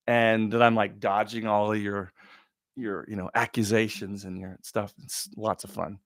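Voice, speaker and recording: A man hosting a live question-and-answer stream, talking in a rambling, excitable way with many restarts. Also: lowish voice, normal speed, dry recording, studio quality. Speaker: talk show host.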